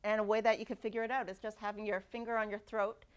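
A woman giving a university lecture, lively and demonstrating speech sounds aloud. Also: medium pitch, fast talker, clean tone. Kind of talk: classroom lecture. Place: lecture hall.

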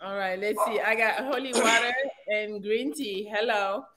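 A woman's voice: medium pitch, moderate pace, pushed and bright. A woman hosting a live dating stream, chatting casually with callers and laughing often. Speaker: host of a live dating show.

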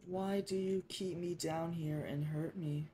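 A man's voice: a little high, fairly even intonation, a little slow, dark tone, a little hiss or hum, voice pushed up, lightly acted. A man putting on a captive young boy's voice. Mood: pleading. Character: captive young boy, sullen then vengeful.

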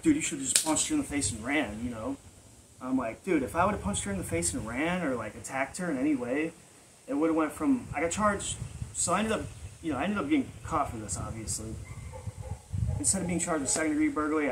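Brief: male vlogger, casual rambling storyteller, average pitch, noisy recording. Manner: rambling, full of fillers. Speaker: vlog storyteller.

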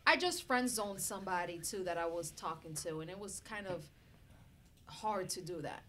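A woman's voice: on the low side, normal speed, slight background noise. A woman co-hosting a casual podcast, laughing often and acting out quoted lines in banter. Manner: animated, laughs often, quotes people in little acted lines. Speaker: podcast co-host.

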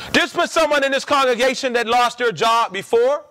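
A man's voice: very high-pitched, fairly quick, sharp tone, no echo. A man preaching a sermon to a church congregation, emphatic and repeating his lines, asking the people questions.

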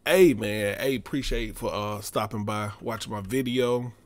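This is casual gaming commentary from a man with a Southern US accent, drawling through a survival game on his channel. He has a lowish voice and a moderate pace, and his manner is relaxed and talkative.

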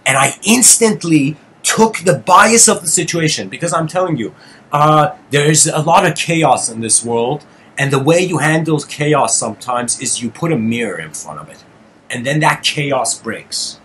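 Man, slightly high voice, animated storytelling monologue, heated and intense, faint background hiss. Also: unhurried. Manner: animated storyteller who addresses listeners as "guys". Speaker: channel host giving a lecture. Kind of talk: personal anecdote in a monologue.

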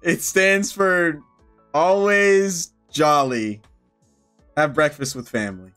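Young man, gaming commentary, profane jokes, fairly high voice. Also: takes it slowly, fairly bright tone, clean tone, faint music behind. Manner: joking, profane, talks back to the game. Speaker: gaming YouTuber. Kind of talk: let's-play commentary.

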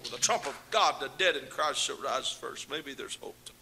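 A man preaching a fiery Pentecostal sermon, moving between shouted proclamations and low, chatty asides and calling out to his congregation. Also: normal speed, gravelly, hardly any pauses. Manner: calls out to the congregation.

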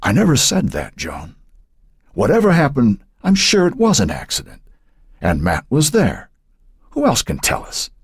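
A man reading aloud and voicing a police chief who speaks in a measured, soothing but authoritative way. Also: mid-range voice, huge pitch swings, slightly rough, no room sound, clean studio sound, voice pushed up, exaggerated voice. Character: calm, firm male police chief.

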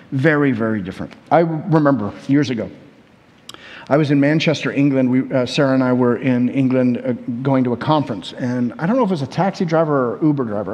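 A man with an American accent preaching a sermon as a pastor, telling stories in a conversational, animated way with many repetitions. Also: mid-range voice, big-room sound. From United States.

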